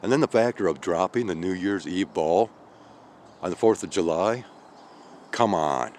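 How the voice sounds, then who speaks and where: A tired man in his late fifties rambling through a slow monologue, checking in with "okay?" and "all right?" as he goes. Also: low voice, a little mellow, a little hiss or hum. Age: 50s. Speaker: channel host.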